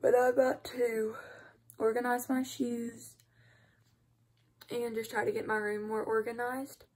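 A teenage girl with a drawl talks to her camera at home, sounding worn out from too little sleep. Her voice sits a little high and a little husky, and she rambles along casually, tossing in quick apologies. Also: little pitch movement, darkish tone. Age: teens. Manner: chatty, rambling, apologetic asides. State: sleep-deprived and tired. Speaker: vlogger. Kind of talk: casual vlog talk to camera.

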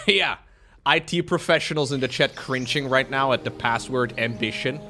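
A man's voice: medium pitch, normal speed, sharp tone, soft background music. A young man streaming games, chatty and sarcastic, who laughs often. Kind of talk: casual gameplay commentary.

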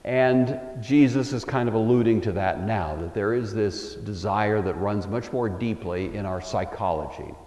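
A man's voice: lowish voice, moderate pace, few pauses, a little mellow. A man giving a Bible lecture in a conversational, thoughtful way, with frequent "uh" fillers, in a lecture hall. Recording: roomy hall with long echo.

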